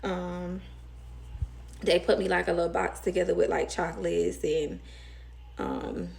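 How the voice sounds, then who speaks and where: A woman's voice: on the low side, a little slow, creaky, darkish tone. A young woman with a Southern US accent, rambling emotionally in a casual storytime vlog. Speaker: vlogger.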